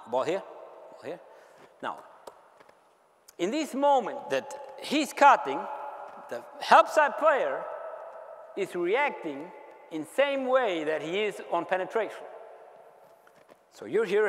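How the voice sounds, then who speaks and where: In a large indoor gym with long reverb and bouncing basketballs, a high-voiced man with a German accent runs an on-court coaching clinic. He calmly explains defensive drills, then shouts quick, repeated commands as players work.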